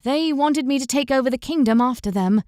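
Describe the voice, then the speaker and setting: A woman voicing a spirited, quick-tempered young noblewoman in an audiobook, sharp and indignant. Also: high voice, dry recording, clean studio sound, lightly acted.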